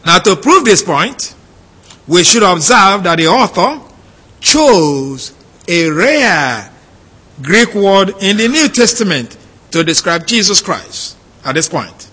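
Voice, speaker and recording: A man's voice: high-pitched, very animated, slow, pushed and bright, slightly rough. A man teaching a methodical lecture on scripture, explaining points carefully and repeating key phrases. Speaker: Bible teacher.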